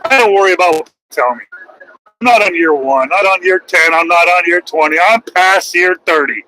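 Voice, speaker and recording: Loud, bright-voiced mocking trucker. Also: male voice, sits high, a little fast, slight background noise, rough recording. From United States. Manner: loud, profane and mocking, swings into shouting. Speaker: truck driver and livestreamer. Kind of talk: livestream rant.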